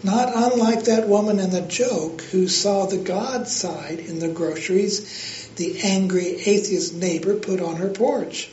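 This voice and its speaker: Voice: mid-range voice, measured pace, darkish tone, a little hiss or hum. An earnest preacher giving a devotional talk, telling a joke and then exhorting listeners to praise God, in a roomy, dull recording.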